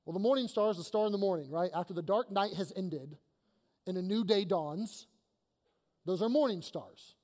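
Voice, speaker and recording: Guy preaching a sermon, pretty high voice, lots of punchy repeats, big church reverb. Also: moderate pace. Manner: energetic, emphatic preaching with repetitions. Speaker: pastor. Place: church sanctuary. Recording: long reverb of a church hall.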